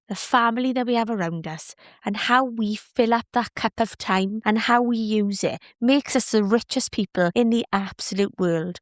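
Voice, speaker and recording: A chatty woman in her thirties talks straight into a close, dry mic, her voice sitting a little high. She speaks in a heartfelt way and sounds emotional, close to tears. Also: no room sound. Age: 30s. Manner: heartfelt, chatty, tearful at times. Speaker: podcast host. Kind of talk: personal monologue podcast.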